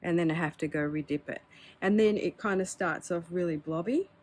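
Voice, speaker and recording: A chatty woman, talking candidly through a casual show-and-tell. Her voice sits a little low. A faint hum of room ambience runs underneath. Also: fairly quick, a little mellow. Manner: chatty and candid, with filler words and laughs. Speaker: pen hobby vlogger.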